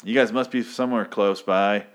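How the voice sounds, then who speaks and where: A man's voice: on the low side, fairly even intonation, normal speed, natural voice. A man mocking a smug, repetitive villain boss. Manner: mocking, over-insistent. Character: smug male villain boss, repeating himself.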